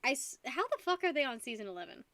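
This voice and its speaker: A woman's voice: high-pitched, very animated, quick pace, fairly bright tone, no room sound. A young woman streaming casually, tipsy from wine, rambling and giggling while talking to her dog. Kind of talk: casual live-stream chat.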